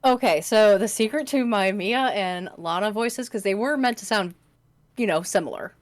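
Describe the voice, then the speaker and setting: A woman's voice: mid-range voice, normal speed. A woman co-hosting a stream who voices characters, explaining her process plainly in casual chat. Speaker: streamer co-host, voice actor.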